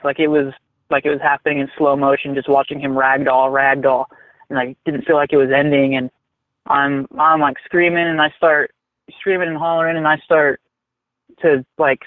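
A man's voice: fairly high pitch, normal speed, dry recording. Man telling a story over a tinny line. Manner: rambling, animated, swears freely. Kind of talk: casual storytelling. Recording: tinny phone-like line, dry.

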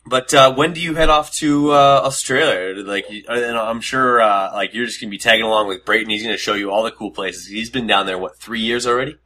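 A man's voice: on the low side, a little fast, few pauses, bright, forceful tone. A Canadian man with a Canadian accent hosting a casual interview, chatty and joking with stammered restarts. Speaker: interview host.

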